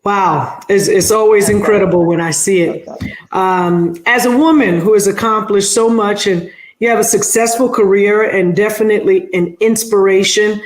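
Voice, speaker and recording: A woman hosting an interview podcast, easygoing and quick to laugh along with her guest. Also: medium pitch, fairly even intonation, roomy sound. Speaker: podcast host.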